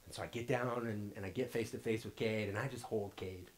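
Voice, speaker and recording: Earnest man preaching, loud then hushed. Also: fairly low pitch, steady tone, brisk, low-quality recording. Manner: earnest, repeats words when starting sentences, swings from loud to hushed. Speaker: pastor. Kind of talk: sermon with personal story. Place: church sanctuary.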